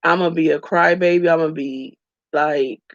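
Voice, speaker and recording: A woman records a candid, emotional vlog, tearful and addressing her viewers as y'all. Her voice carries a gravelly edge. The recording is dry and a bit dull, as if made on a phone in a small room. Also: low-pitched, steady tone, moderate pace, no room sound. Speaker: vlogger.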